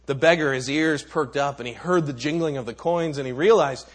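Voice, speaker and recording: A man's voice: a little high, fairly quick. A man preaching a sermon, telling a story dramatically with some stammered restarts.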